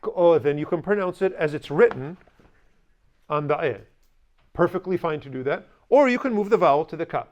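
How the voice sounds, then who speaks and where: A man's voice: a little high, expressive, moderate pace, a little mellow, lo-fi sound. A man teaching a language class, stressing points emphatically, drilling pronunciation with students and slipping in dry jokes. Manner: dry humorous asides.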